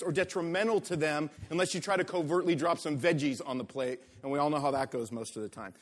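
A male pastor preaching a sermon in an animated, conversational way, asking rhetorical questions. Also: on the high side, in a large hall.

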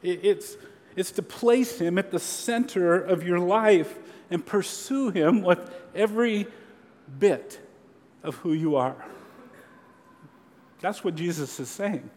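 A man preaching a sermon as a pastor, earnest and measured, with slow emphatic pauses. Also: high-pitched, a little mellow. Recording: long hall reverb.

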